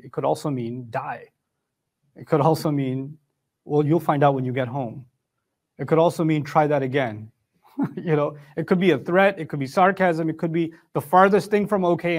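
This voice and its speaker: Male Quran lecturer, higher-pitched, emphatic and animated teaching delivery. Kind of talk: religious lecture.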